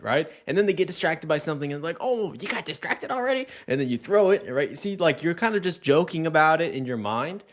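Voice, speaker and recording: A young man coaching dog owners in a casual, repetitive way, stressing his main points. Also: fairly high pitch. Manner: casual, repeats key points, playful voices for dog talk. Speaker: dog trainer. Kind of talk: instructional talk to camera.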